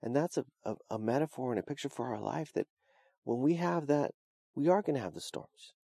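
A man's voice: mid-range voice, expressive, a little fast, gravelly, mellow, slightly rough, no echo, studio quality. A man preaching a sermon, telling a story in a conversational way with frequent restarts and fillers. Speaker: pastor.

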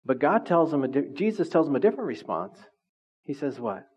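A man's voice: on the high side, animated, a little fast, darkish tone. A middle-aged man preaching a conversational sermon and often asking the congregation questions. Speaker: pastor. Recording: slightly dull, lo-fi recording.

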